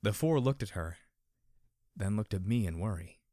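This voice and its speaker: Lively-voiced male story narrator, dry close sound. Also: on the low side, moderate pace, no echo.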